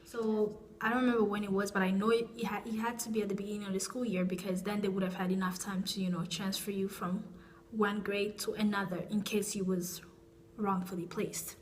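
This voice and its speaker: A woman's voice: mid-range voice, level tone, a little fast, a little hiss or hum. A young woman vlogger telling a personal story in a casual, rambling way, with frequent restarts and asides.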